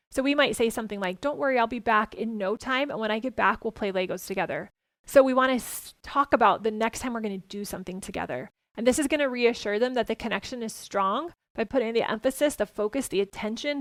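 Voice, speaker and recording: A woman hosting a parenting podcast, talking gently and earnestly as she gives advice and tells stories from home. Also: mid-range voice, dry recording.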